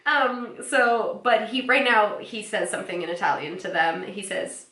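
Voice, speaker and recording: Podcast co-host, female, casual and giggly, bright tone, echoey room. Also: medium pitch, fairly even intonation, normal speed. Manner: chatty, giggly, many "um"s, acts out quoted lines. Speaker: podcast co-host recapping episodes. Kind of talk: casual chat.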